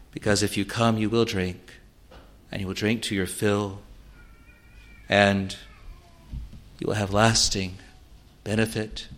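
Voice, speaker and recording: A man preaching a sermon, earnest, swelling loud on key words and then dropping to a soft, quiet close. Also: fairly low pitch.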